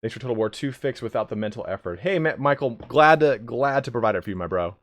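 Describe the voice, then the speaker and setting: A man's voice: medium pitch, lively intonation, fast talker, a bit bright. A man hosting a live stream, chatting casually with viewers in a joking, profane way. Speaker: livestream host of a game league.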